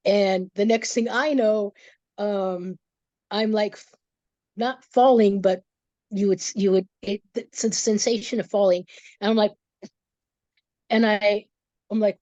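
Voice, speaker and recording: A woman, a guest in an interview, telling a personal story with emotion, halting and restarting often. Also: mid-range voice, fairly even intonation, darkish tone, dry recording, highs cut off. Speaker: guest, energy reader.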